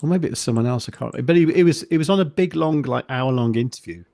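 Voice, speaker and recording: A man's voice: mid-range voice, rapid-fire, vocal fry, no room sound. Understated man, dry close sound. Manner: even-toned, understated, hesitant with many restarts. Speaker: guest. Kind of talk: casual podcast chat.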